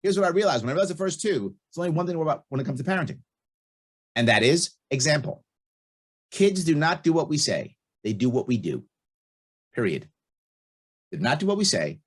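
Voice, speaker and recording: Middle-aged man, husky voice, rapid delivery, blunt, emphatic, repeats himself, podcast guest. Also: a little high, big pitch swings. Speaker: podcast guest, libertarian candidate. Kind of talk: casual podcast interview.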